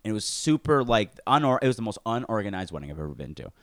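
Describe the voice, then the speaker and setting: A man telling a story in a casual podcast chat, animated and swearing, acting out what others said. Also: fairly low pitch, fast, no echo, studio quality. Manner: animated, swearing, acts out quotes. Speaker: podcast co-host.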